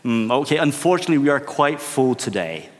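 A man's voice: medium pitch, very animated, brisk, natural voice. A man playing a snooty, dismissive male restaurant waiter who answers with curt, sniffing replies. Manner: curt, sniffing "mm" before each reply. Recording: long hall reverb.

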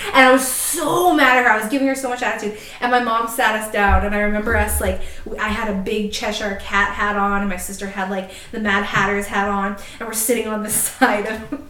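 A woman's voice: medium pitch, steady tone, brisk, hardly any pauses, pushed and bright, roomy sound, low-quality recording. A woman co-hosting a podcast, chatting casually, laughing often and swearing freely as she tells stories. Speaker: podcast co-host. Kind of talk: casual chat, storytelling.

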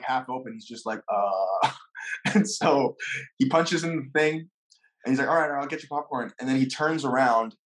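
Guy guest telling a funny story, laughs a lot, does the quotes, normal mid voice. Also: medium pitch. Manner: animated, laughs often, acts out quotes. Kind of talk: casual storytelling.

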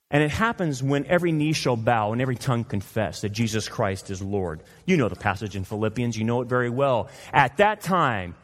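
A man's voice: fairly high pitch, in a large hall. A male pastor preaching a sermon, emphatic and fond of rhetorical questions. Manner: emphatic, rhetorical questions, mocking quoted voices.

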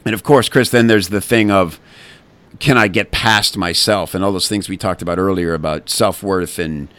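A man's voice: sits low, moderate pace, fairly bright tone, no echo. A man being interviewed as a guest, telling his story candidly with many fillers and restarts. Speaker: guest, copywriting community founder.

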